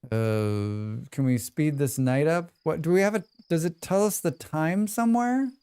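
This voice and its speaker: Man, American accent, casual game streamer, rambling, smooth clear voice, slightly high. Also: a little slow, warm tone. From United States. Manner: chatty, rambling asides to chat, reads tutorial text aloud. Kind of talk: casual live gameplay commentary.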